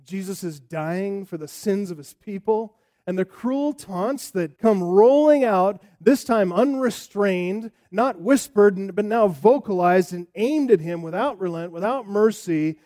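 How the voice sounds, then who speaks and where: A man's voice: high voice, unhurried, mellow. A man preaching a sermon, emphatic and rising and falling, sometimes acting out the taunts of a crowd. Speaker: pastor.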